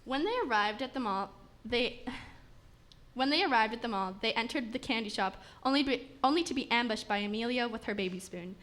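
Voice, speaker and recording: Higher-pitched woman, reading a story aloud, stumbles and restarts, live reading. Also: a little fast, a bit bright. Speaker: story narrator.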